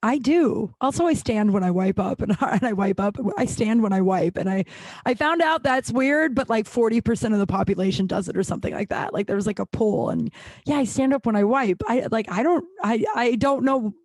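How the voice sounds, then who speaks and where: A woman's voice: on the high side, a little fast, darkish tone, dry recording. Forties woman podcast host: loose, candid, wandering chat into a dry, close studio mic. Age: 40s. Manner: rambling, candid, swears casually. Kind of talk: casual solo podcast chat. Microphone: studio podcast microphone.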